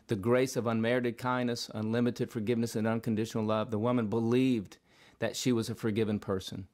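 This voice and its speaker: A man's voice: mid-range voice, darkish tone. A man giving a daily devotional Bible teaching in a vlog, speaking earnestly with repeated phrases and occasional restarts. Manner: earnest, repetitive preaching cadence with restarts. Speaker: vlogger preacher.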